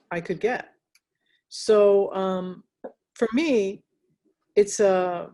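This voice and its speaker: An American woman talking in an interview about her work, reflective and pausing often with fillers and restarts. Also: mid-range voice, darkish tone. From United States. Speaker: interviewee, graphic novelist. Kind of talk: casual interview conversation.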